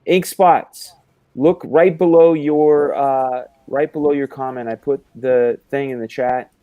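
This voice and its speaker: A man's voice: mid-range voice, steady tone, measured pace, dry recording, phone-quality sound. A man hosting a casual art livestream, chatting with guests and fussing over the stream. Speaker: livestream host.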